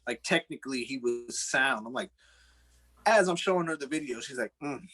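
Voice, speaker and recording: A man's voice: medium pitch, expressive, normal speed, bright, forceful tone, husky. A man co-hosting a casual podcast, telling a story with quoted asides and frequent laughs. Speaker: podcast co-host. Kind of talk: casual banter.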